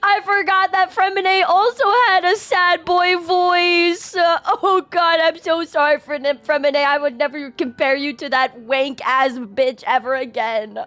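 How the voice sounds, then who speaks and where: A woman's voice: very high voice, steady tone, unhurried, few pauses, sharp tone. A woman streamer reacting to a game, gushing and squealing with frequent laughter. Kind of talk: excited gameplay reaction.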